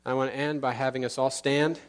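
A man's voice: mid-range voice, little pitch movement, clean tone. Earnest man preaching a sermon. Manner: earnest preaching with slow emphatic pauses, closing in prayer. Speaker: pastor. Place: church sanctuary.

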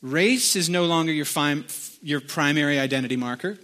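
A man's voice: on the high side, moderate pace, pushed and bright. A middle-aged man preaching a sermon, telling a joke and reading scripture in a loose, conversational way with plenty of fillers. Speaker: pastor.

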